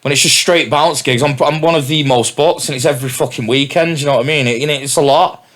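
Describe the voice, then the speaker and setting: A man's voice: fairly high pitch, fast talker, fairly bright tone. A young man, a DJ and MC guest on a podcast, talking candidly and swearing in casual chat. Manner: candid, sweary, laid-back.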